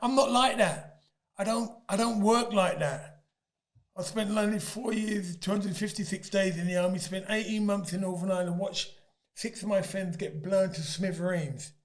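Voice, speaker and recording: Brief: man in his fifties, a high, lively storyteller who laughs often. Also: normal speed. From Britain. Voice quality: laughs often mid-story, loud emphatic bursts. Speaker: guest. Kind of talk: animated storytelling.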